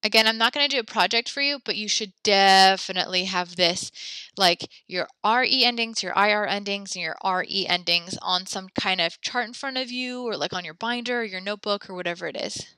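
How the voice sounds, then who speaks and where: A cheerful woman leads a French lesson from home, spelling out verb endings letter by letter. Her voice is bright and crisp, with a dry, close sound and no room around it. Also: medium pitch, brisk, no room sound. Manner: upbeat, spells letter by letter, talks to students. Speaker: French teacher. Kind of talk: online class lesson.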